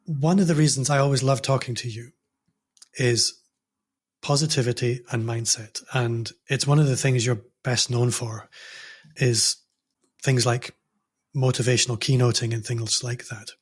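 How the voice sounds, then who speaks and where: A man hosts an interview podcast in a husky voice. He speaks thoughtfully and often stops to search for the right word. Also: medium pitch, steady tone, moderate pace. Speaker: podcast host. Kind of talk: interview conversation.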